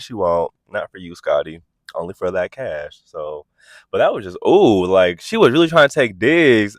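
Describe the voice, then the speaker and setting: A man hosts a reality TV recap vlog with quick, sassy asides, his voice leaping up and down as he acts out what people said. The sound is dry and close, with no room echo. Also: sits low, lively intonation. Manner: acts out quotes in exaggerated voices. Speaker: host.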